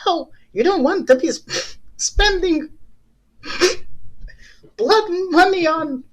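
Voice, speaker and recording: A man putting on a high falsetto to voice a preachy, moralizing conscience figure in a comic skit. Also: lively intonation, drawn-out words, slight background noise, full character voice. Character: preachy squeaky young conscience figure, male.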